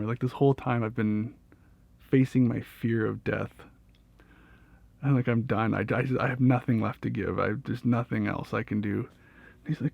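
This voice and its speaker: A man's voice: mid-range voice, fairly even intonation, normal speed, creaky, dry recording. A young man telling a personal story in a casual, rambling way, with lots of fillers, swearing and laughter. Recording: dull, dry lo-fi audio.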